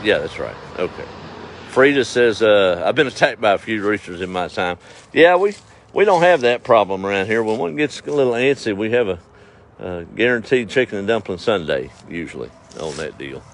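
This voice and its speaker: A man's voice: on the low side, animated, moderate pace. A middle-aged man, hosting a casual outdoor livestream and reading viewer comments in a folksy, drawling way with frequent chuckles. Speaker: livestream host. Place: outdoors at dusk. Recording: faint outdoor noise with passing vehicles.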